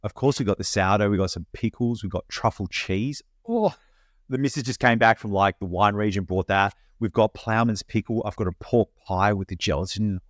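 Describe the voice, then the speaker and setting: A man co-hosting a podcast, telling an animated story in casual, slangy chat. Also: on the low side, a little fast, no echo, clean studio sound. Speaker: podcast co-host.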